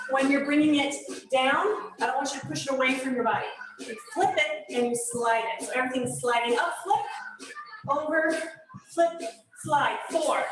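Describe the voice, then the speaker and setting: A woman with a high voice leads a weights class, talking through each move and counting down reps. She sounds encouraging and chatty. Her voice rings in a very echoey studio with workout music behind her. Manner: encouraging, talkative, gives step-by-step cues. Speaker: fitness instructor. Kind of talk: live class instruction with counting cues.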